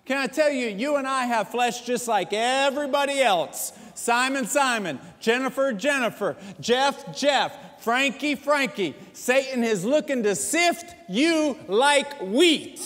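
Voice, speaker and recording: A man preaching a sermon as pastor, telling stories lively and joking with the congregation. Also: very high voice, a little slow, hardly any pauses. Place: large church sanctuary. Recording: echoey church hall.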